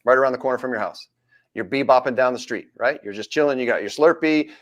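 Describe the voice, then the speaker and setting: A man hosting a live-stream chat, a former police officer who lively acts out street encounters in different voices. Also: medium pitch, fast.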